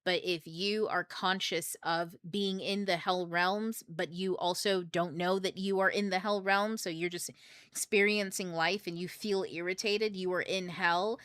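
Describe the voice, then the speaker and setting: A young woman hosts a casual livestream, rambling through ideas with jokes and plenty of swearing. Her voice is bright and forceful but pitched on the low side. The sound is close and dry, with no room echo. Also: fairly even intonation, a little slow, clear, resonant tone. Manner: rambling, profane, joking. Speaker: book club host.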